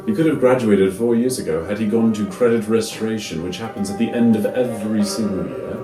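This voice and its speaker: An actor playing the superego of a slacker student, narrating in a dry, lecturing way. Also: male voice, on the low side, fairly quick, lightly acted. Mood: wry. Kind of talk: film voice-over narration. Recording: roomy echo with music.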